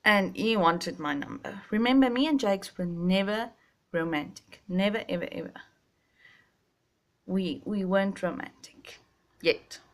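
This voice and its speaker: Young woman, slow and halting, a bit stuffy-nosed, confessional vlog storytelling. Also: medium pitch. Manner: halting, emotional, many restarts and pauses. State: stuffy, sinus. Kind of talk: personal storytelling to camera.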